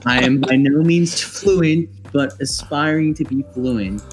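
A man's voice: mid-range voice, slow, soft background music. A man co-hosting a podcast in casual chat, playful and mock-offended. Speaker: podcast co-host.

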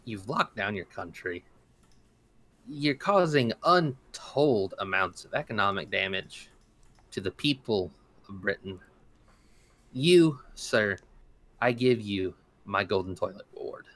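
A man's voice: lowish voice, lively intonation, slow pace, pauses often, a bit bright. A man co-hosting a casual commentary podcast, rambling and indignant, with many restarts and fillers. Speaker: podcast co-host.

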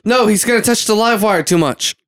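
A man's voice: high voice, fairly quick, fairly bright tone, no echo, clean studio sound. A man with hiccups chatting casually and joking while reacting to a movie. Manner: joking, swearing, laughing often. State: has the hiccups.

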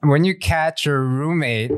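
A man's voice: on the high side, a little slow, no echo, clean studio sound. A man in his forties, co-hosting a podcast, telling candid, self-deprecating stories in casual chat. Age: 40s. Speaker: podcast co-host.

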